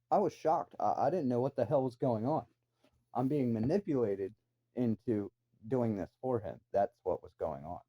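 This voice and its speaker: A man's voice: mid-range voice, animated, moderate pace. A man telling a rambling personal story in a casual way. He swears freely and adds incredulous asides. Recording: dull lo-fi recording.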